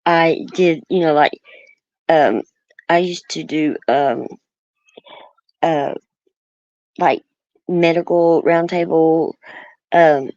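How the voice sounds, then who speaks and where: A woman's voice: on the low side, a little mellow, dry recording, muffled recording. A woman from Oklahoma with a country accent, chatting casually as a guest and rambling through many fillers and restarts. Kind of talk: casual chat.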